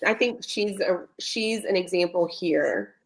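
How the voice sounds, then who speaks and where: A woman co-hosting a casual reality TV recap as a guest, speaking in a measured, agreeable way. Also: fairly low pitch. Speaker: guest co-host.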